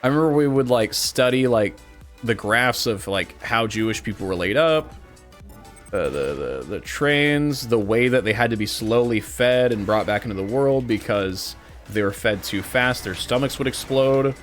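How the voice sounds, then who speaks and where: A man's voice: mid-range voice, moderate pace, soft background music. A man in his twenties from Missouri, chatting casually and sarcastically with his stream viewers. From Missouri, USA. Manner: animated, joking and sarcastic.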